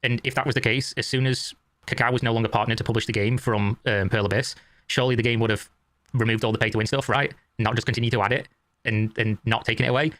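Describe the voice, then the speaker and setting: Rapid-fire argumentative man. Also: mid-range voice, fairly even intonation, fairly bright tone, no room sound. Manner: argumentative, emphatic, profane. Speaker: commentator in a reacted-to video. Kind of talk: opinionated commentary.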